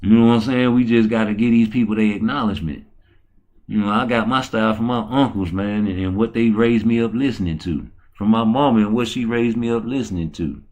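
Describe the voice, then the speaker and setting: A man hosting a show in slangy, casual chat, talking low and quick and crooning slow love songs in a higher voice. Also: darkish tone, lo-fi sound. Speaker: show host.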